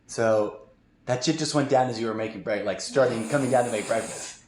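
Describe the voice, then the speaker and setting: A man hosting a podcast, telling a story in casual chat to his sibling, rambling and animated, full of fillers and swearing. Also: mid-range voice, fairly quick. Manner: rambling and animated, heavy use of "like", swears often. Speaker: podcast host. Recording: roomy echoey raw audio.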